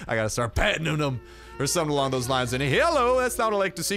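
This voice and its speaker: Excitable young man doing game commentary. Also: racing. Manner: excitable, jokey, rambling, jumps to high exclaims. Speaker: gaming channel host. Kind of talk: gameplay commentary.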